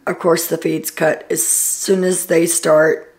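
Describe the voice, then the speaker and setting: A woman's voice: fairly low pitch, level tone, takes it slowly, gravelly, darkish tone. A woman hosting a casual reality TV recap, chatty and opinionated as she loosely retells the day's events with fillers.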